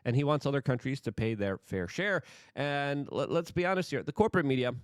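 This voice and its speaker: An excitable male host delivers political commentary in a lively, swooping voice that rises and falls all over the place. He stumbles over his words and repeats himself as he talks. The sound is dry and close, with no room to it. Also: medium pitch, brisk, clean tone, no echo.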